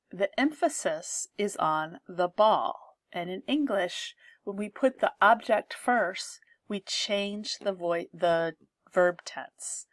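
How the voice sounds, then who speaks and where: A woman explains English grammar in a clear, deliberate teaching voice. She talks slowly in a slightly low register, and the recording is dry and close. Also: animated, a bit bright, no echo. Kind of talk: grammar lesson.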